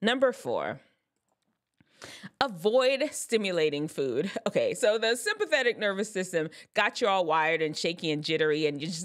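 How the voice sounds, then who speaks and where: A woman's voice: fairly low pitch, big pitch swings, moderate pace, a bit bright. A woman giving advice in a chatty, loose way, often correcting herself mid-sentence as she explains science terms. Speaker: advice vlogger. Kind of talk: casual explanatory talk.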